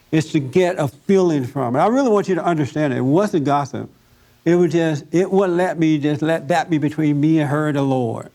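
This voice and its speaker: A man leading a Sunday service, preaching in a relaxed, conversational way and telling personal stories to his listeners. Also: on the high side. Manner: chatty and anecdotal, laughs at his own stories, talks directly to listeners. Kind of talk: conversational sermon with storytelling.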